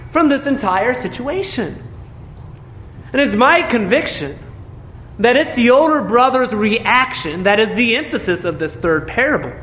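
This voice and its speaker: A man's voice: very high-pitched, a bit bright, slight background noise. A man preaching a sermon in an earnest, emphatic way, often asking the congregation questions. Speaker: pastor. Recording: echoey hall with faint ambience.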